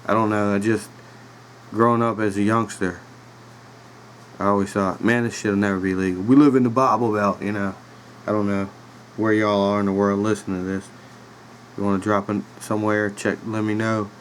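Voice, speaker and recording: A man in his thirties with a relaxed Virginia accent spins a rambling podcast story full of fillers and side remarks. His voice sits on the low side. A faint air conditioning hum runs underneath the home recording. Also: moderate pace, low-quality recording. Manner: laid-back rambling with fillers and laughs. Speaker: podcast host. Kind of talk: casual storytelling. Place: home room with a dog nearby.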